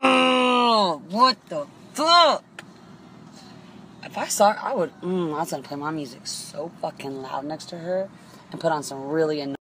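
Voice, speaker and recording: A woman's voice: sits low, fairly quick, a little mellow, a little hiss or hum, poor audio. A young woman ranting into her phone from a parked car, swearing and exasperated as she retells an argument. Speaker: vlogger. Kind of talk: indignant profane rant.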